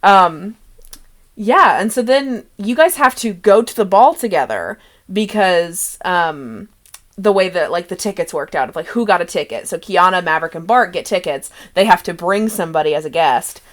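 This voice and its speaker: A woman's voice: on the low side, expressive, normal speed. A young woman hosting and running a tabletop game, chatting casually with a player, rambling and laughing often between thoughts. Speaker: game master and host. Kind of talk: casual chat about a tabletop campaign.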